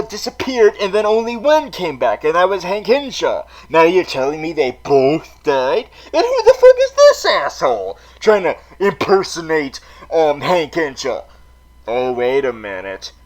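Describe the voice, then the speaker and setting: A man ranting through a comedic TV recap in a theatrical villain persona. His voice sits high and swings widely, swerving between loud outbursts and mutters, with frequent swearing. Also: poor audio. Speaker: vlog host in villain persona.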